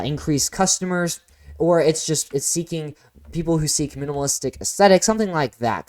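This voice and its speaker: A geography teacher walking through exam answers, reading each prompt and then explaining it with casual asides. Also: mid-range voice. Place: lives in Florida.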